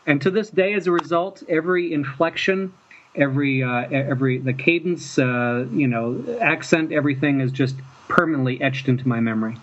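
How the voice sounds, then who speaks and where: A man from Mississippi, a fan filmmaker guest, telling stories in a rambling, halting way and chuckling often. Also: on the high side, fairly bright tone. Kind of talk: casual storytelling interview. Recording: dull lo-fi with faint noise.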